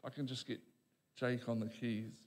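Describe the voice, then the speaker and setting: A man preaching a sermon as pastor, emphatic, with dramatic pauses and voiced quotes. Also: medium pitch, level tone, long reverb tail.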